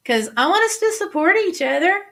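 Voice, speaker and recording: With an extremely high pitch and big pitch swings, this middle-aged Southern woman talks fairly quickly in a creaky, fairly bright voice. She hosts a casual livestream, chatting and reading viewer comments aloud, then answering them.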